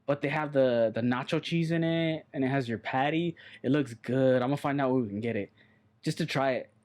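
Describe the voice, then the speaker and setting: A man's voice: mid-range voice, fairly quick, darkish tone. A man co-hosting a casual podcast chat, rambling and blunt, swearing offhandedly. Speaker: podcast co-host.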